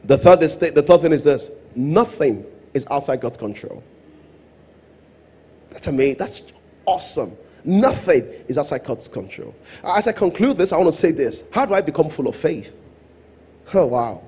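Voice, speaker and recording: A male pastor preaching a sermon, swinging between quiet asides and loud, sung-out exhortation. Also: on the high side, expressive, moderate pace, breathy edge.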